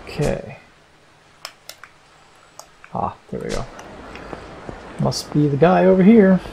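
Gravelly man muttering over gameplay. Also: high-pitched, slow pace, dark tone, a little hiss or hum. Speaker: let's-play host. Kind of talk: casual gameplay commentary.

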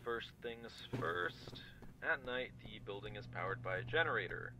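A man voicing a casual phone guy in a horror game, giving relaxed night-shift instructions with lots of uhs. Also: fairly low pitch, normal speed, very noisy. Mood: calm. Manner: relaxed, rambling with many uhs.

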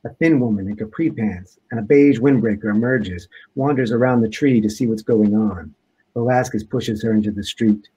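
Husky man reading his prose aloud. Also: lowish voice, normal speed, mellow, dull audio. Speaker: author.

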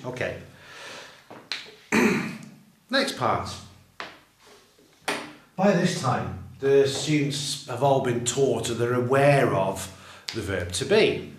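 A man explaining how he teaches English verb tenses, talking slowly and deliberately and drawing out his example phrases. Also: medium pitch, animated, slight background noise. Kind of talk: teacher training walkthrough. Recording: roomy echo, voice far from the mic.

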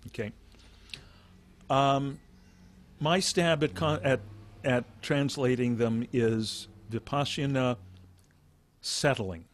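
A man teaching a meditation class who talks in halting phrases, restarting often and explaining with plain examples. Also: medium pitch. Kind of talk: dharma talk.

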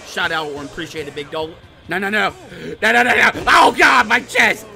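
Hyped male gamer, sharp bright voice, big swings in pitch, swears and shouts at the screen. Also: a little fast, gravelly. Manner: excitable, profane, trash-talking, bursts into shouts. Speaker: gaming YouTuber. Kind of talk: live gameplay commentary.

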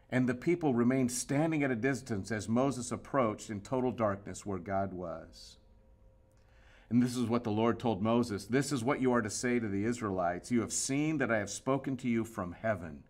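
A male pastor preaching a sermon, moving from loud emphasis to hushed, quiet passages. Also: mid-range voice, normal speed. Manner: expressive preaching, swinging between loud emphasis and hushed asides.

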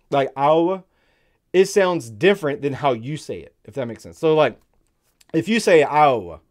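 A man hosting a casual live stream, rambling with fillers and repeats, slowing down to read headlines and then bursting with excitement. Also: on the high side. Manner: slows down when reading headlines aloud. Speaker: streamer host.

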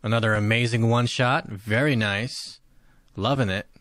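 A young man reacting to a show episode in casual commentary, excitable and swearing often, with sudden loud outbursts. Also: mid-range voice, moderate pace, faint music behind. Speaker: reaction video host. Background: show soundtrack playing.

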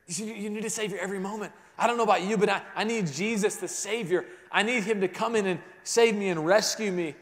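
A man preaching a sermon to a congregation, moving between hushed, intimate passages and rising emphatic ones, often restarting his words. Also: high-pitched, quick pace, hardly any pauses, big-room sound. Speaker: pastor. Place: large church sanctuary.

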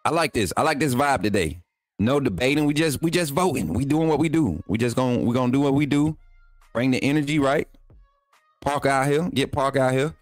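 A man's voice: mid-range voice, expressive, brisk, no echo, soft background music. A man, hosting a live sports stream in a chatty way, repeating himself and talking straight to his viewers. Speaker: sports channel host.

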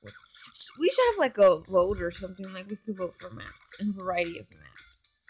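Excitable woman narrating her gameplay. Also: medium pitch, brisk, breathy edge, faint music behind. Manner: excitable, frequent gasps and exclamations. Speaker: gaming channel host. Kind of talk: casual gameplay commentary. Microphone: phone microphone while screen recording.

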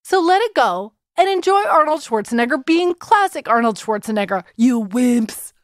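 A woman hosts a comedic podcast, talking in an animated, playful way with quick asides. Her voice sits fairly high. The sound is close and dry. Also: no room sound. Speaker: podcast host.

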